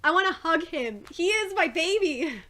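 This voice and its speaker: A woman streaming a live reaction to a comic, excitable and profane, often breaking into shrieks. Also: very high-pitched, normal speed.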